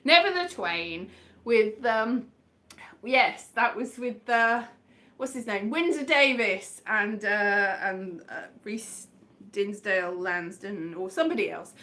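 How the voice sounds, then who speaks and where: Bright rambling West Country woman. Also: mid-range voice, animated, takes it slowly. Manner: rambling, self-deprecating, chatty. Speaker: comedian hosting a livestream. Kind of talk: casual livestream chat.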